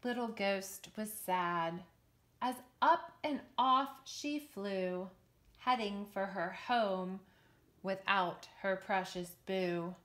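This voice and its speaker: A woman teacher reading a picture book aloud to children in an expressive, sing-song, encouraging way. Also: mid-range voice, drawn-out words. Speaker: children's yoga and story teacher.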